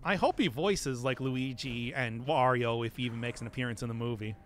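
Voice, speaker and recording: A man's voice: medium pitch, a little fast, fairly bright tone, a little hiss or hum. A man streaming a game and chatting casually, repeating himself and laughing often. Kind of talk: casual live-stream chat while playing.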